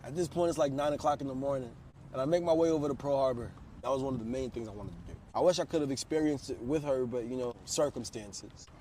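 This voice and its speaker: A man's voice: medium pitch, fast talker, dark tone, recorded from a distance, a little hiss or hum. A man in his twenties telling a story from his own life in a casual, slangy way, swearing freely. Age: 20s.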